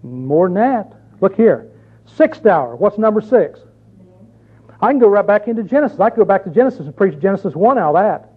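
A man's voice: high-pitched, very animated, a little fast, slightly rough. A man preaching a sermon, reading scripture aloud and asking his listeners pointed rhetorical questions in an emphatic way. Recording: tinny phone-like recording.

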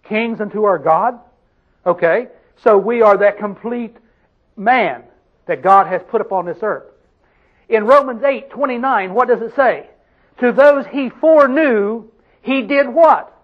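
High-pitched guy preaching, keeps asking the crowd questions, dull lo-fi sound. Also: unhurried. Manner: emphatic, asks the congregation questions. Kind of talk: sermon.

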